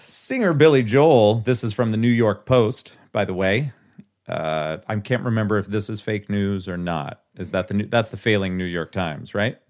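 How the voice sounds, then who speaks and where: A man's voice: on the low side, normal speed, darkish tone. A man co-hosting a casual podcast, reading a news article aloud and breaking off for wry asides. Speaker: podcast co-host.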